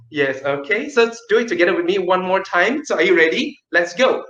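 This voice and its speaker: Lively man teaching an online kids class. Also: sits high. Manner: lively and emphatic, swings between fast and slow. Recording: roomy, dull online class audio.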